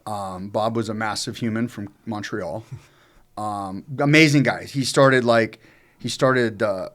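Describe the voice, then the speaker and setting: A man with a fairly low voice tells a long personal story in a casual, unscripted chat. He rambles and swears freely, loses his place and circles back with plenty of ums and restarts. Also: measured pace, fairly bright tone. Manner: rambling and profane, with many fillers and restarts. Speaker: co-host telling his own story.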